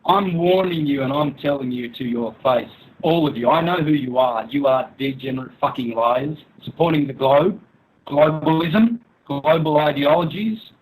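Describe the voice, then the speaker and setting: On a low-quality recording, a man with a slightly high, breathy-edged voice rants angrily as a guest in an online interview. He mocks, curses and laughs scornfully, turning menacing and threatening at points.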